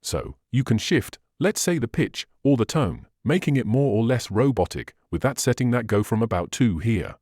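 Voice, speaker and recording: A man's voice: medium pitch, very animated, moderate pace, few pauses, a little mellow, no room sound, clean studio sound. A man hosting a synthesizer tutorial, patiently walking through settings step by step with slightly non-native phrasing. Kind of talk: instructional screen walkthrough.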